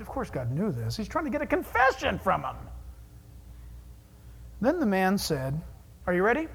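A man preaching a sermon in an animated, joking way, moving between hushed asides and loud exclamations. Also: sits high, moderate pace, creaky, long pauses, slightly rough, long reverb tail.

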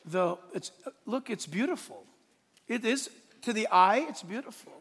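A man preaching a sermon as pastor, emphatic and swinging from hushed asides to shouted points, with a stage microphone in a church sanctuary. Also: sits high, animated, unhurried, husky. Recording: long hall reverb.

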